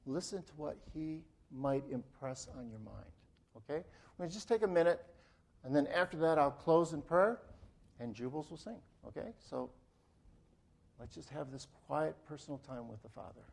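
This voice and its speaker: A middle-aged man giving a sermon, telling a story in an earnest way and leading a quiet prayer. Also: on the high side, normal speed, gravelly. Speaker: preacher.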